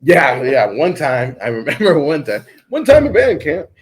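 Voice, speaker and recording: A man, a comedian, telling stories in a casual comedy chat, animated and laughing through his lines. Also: on the high side, normal speed.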